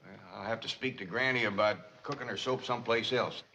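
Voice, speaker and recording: An actor playing a kindly, plainspoken country father with a rural Southern drawl and a gentle, folksy way of talking, on muffled old TV sitcom audio. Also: lowish voice, fairly quick, gravelly, slight background noise.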